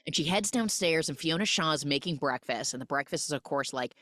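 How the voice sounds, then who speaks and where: A woman hosting a comic film recap podcast, animated and quick to jump into character voices. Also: low voice, no echo, studio quality. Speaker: podcast host.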